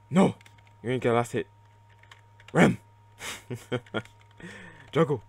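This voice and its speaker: A man giving live gameplay commentary, excitable and reactive, muttering and swearing at the game as he plays. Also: mid-range voice, extremely slow, vocal fry, pauses often, husky, no room sound. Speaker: let's play gamer.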